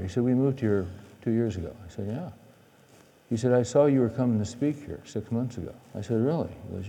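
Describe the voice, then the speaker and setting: A middle-aged male preacher tells a story in a sermon, his voice mellow and a little husky. He swings between excited bursts and hushed, quiet moments. The sound rings with the long reverb of a large hall. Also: fairly low pitch. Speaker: preacher and men's conference speaker.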